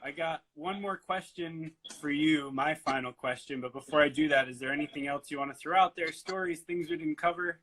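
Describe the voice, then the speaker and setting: A man hosting a casual interview over a video call, upbeat and quick to laugh. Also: on the high side, a bit bright, poor audio. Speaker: interview host.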